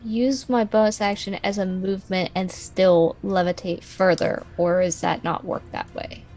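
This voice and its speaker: A woman's voice: medium pitch, fairly even intonation, moderate pace, darkish tone, soft background music. A woman playing a tabletop game, explaining her turn carefully and double-checking spell details. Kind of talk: casual game table chat.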